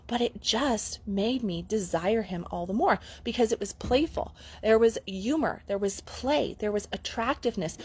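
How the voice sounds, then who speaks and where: A woman's voice: a little high, breathy edge. A middle-aged woman, a relationship coach, telling a candid story to her camera in a chatty vlog, laughing easily. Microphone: camera mic.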